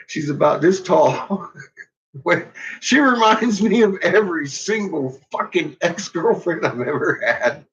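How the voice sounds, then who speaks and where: A man's voice: high voice, fairly bright tone, husky. A middle-aged man telling stories about his son in casual chat, laughing constantly and swearing freely. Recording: dull lo-fi recording.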